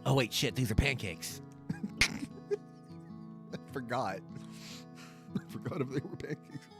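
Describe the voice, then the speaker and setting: A man's voice: medium pitch, big pitch swings, slow pace, over music. A young man streaming a game, chatting casually, laughing often and swearing. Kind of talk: let's play commentary.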